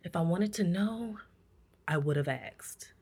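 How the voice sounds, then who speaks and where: A young woman co-hosting a podcast, ranting in blunt, profane, animated storytelling during casual chat. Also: on the low side, measured pace, breathy edge. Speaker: podcast co-host.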